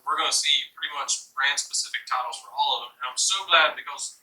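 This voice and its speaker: A man's voice: medium pitch, steady tone, fast talker, pushed and bright. A man co-hosting a casual chat, talking at length and with enthusiasm. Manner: chatty, enthusiastic about collectibles. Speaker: co-host. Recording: echoey room, mic far off.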